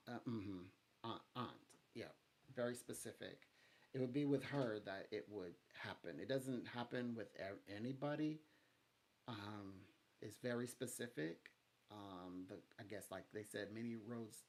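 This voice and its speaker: Halting, low-voiced man giving a psychic reading. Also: a little mellow. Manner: rambling, halting, many restarts and fillers. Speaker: psychic reader.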